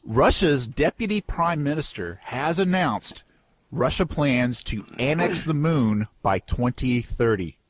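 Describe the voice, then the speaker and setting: A man's voice: mid-range voice, lively intonation, a little slow, no room sound. A man co-hosting a casual comedy podcast, joking and laughing at his own bits. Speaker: podcast co-host.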